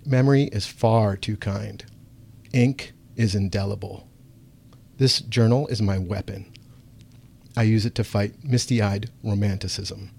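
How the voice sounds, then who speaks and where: A man's voice: on the low side, fairly even intonation, a little slow, vocal fry, darkish tone, husky. A man giving brooding first-person audiobook narration in short, clipped sentences.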